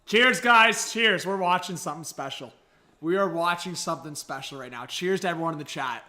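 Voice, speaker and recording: A man doing excitable live reaction commentary on a hockey game as a stream host, talking straight to his chat. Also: on the high side, fairly quick. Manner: excitable, hyped, addresses the chat directly.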